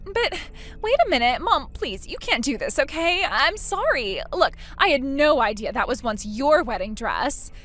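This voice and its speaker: A woman's voice: sits high, big pitch swings, moderate pace, fairly bright tone, soft background music. A woman voicing a petty, spiteful young sister-in-law in a texting story, mocking and then whiny. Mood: pleading. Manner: mocking, pleading by turns.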